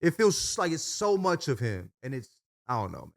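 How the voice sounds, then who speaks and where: Animated man in casual podcast banter. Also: medium pitch, normal speed, gravelly. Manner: animated, swearing, lots of filler. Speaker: podcast co-host. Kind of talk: casual chat.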